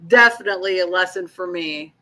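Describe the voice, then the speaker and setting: A woman's voice: fairly low pitch, brisk, pushed and bright. A woman co-hosting a casual chat, telling a dating story bluntly, swearing and laughing as she goes. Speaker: co-host.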